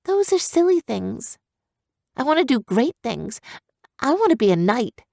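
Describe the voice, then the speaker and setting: A woman's voice: big pitch swings, unhurried, vocal fry, warm tone, no room sound, clean studio sound, exaggerated voice. Woman voicing a fierce young human girl. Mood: frustrated. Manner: high, strained, intense outbursts. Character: headstrong young human girl raised among griffins, fierce and restless.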